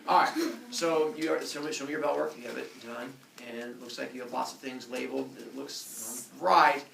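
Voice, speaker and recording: A man's voice: mid-range voice, steady tone, a little fast, vocal fry, fairly bright tone, slight background noise. A man teaching a middle school class, joking and teasing his students as he goes. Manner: playful, teasing. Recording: echoey classroom from far off.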